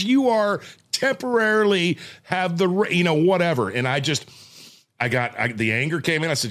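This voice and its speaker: A man's voice: fairly high pitch, moderate pace. A man in his forties hosting a podcast, chatting casually and acting out the voices in his story. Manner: animated storyteller, acts out voices. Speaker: podcast host. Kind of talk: casual chat.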